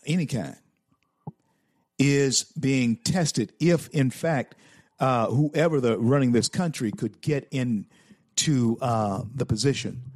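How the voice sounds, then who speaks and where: A man's voice: mid-range voice, darkish tone, no echo, clean studio sound. A male talk show host giving fervent political commentary, preaching and repeating phrases for emphasis.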